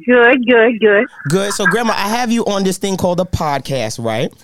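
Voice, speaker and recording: An older grandmother with a Southern US accent, giving short, soft-spoken answers on a phone call. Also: medium pitch, lively intonation, moderate pace. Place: at home, heard over a phone on speaker. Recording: phone call with voices behind. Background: other people talking and laughing.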